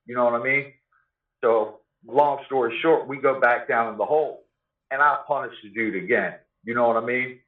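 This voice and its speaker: A man tells a story in casual, profane street talk, full of "you know what I mean". His voice sits at an ordinary pitch. The room echoes, and the sound is narrow and tinny like a phone call. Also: normal speed. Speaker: guest telling his life story.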